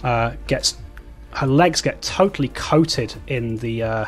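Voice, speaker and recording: A man's voice: medium pitch, faint music behind. A man narrating a tabletop role-playing game as game master, stopping and restarting often. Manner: halting narration with many fillers and restarts.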